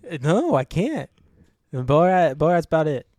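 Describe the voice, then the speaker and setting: A man's voice: a little high, sing-song, moderate pace, a little mellow, no echo. A man co-hosting a movie review podcast, chatting in an easygoing, self-deprecating way with frequent chuckles. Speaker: podcast co-host. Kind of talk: casual chat, movie review.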